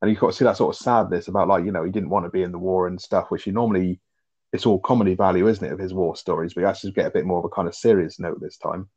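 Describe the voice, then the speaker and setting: A man's voice: sits low, fairly even intonation, rapid-fire, a little mellow, husky, highs cut off. A man, chatting casually as a podcast co-host, rambling with lots of fillers and swearing. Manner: rambling, filler-heavy, swears, asks tag questions. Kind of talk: casual chat.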